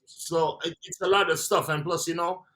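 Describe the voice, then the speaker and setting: A man's voice: on the high side, steady tone, normal speed, bright, forceful tone. A man with a Jamaican accent, a guest in a casual interview, talking in a laid-back way and trailing off between phrases.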